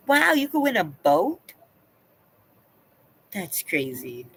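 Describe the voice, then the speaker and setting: A woman's voice: mid-range voice, wildly swooping pitch, extremely slow, a little hiss or hum, low-quality recording. A woman hosting a live stream from home, chatting casually and answering her viewers by name. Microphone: laptop.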